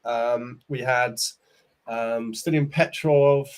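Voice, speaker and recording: A man's voice: mid-range voice, fairly even intonation, slow pace, clear, resonant tone. Forties male guest, easygoing and candid, mid-range voice, plain conversational storytelling. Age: 40s. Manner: chatty, candid storyteller with casual slang. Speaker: startup CEO, podcast guest. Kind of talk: casual interview chat.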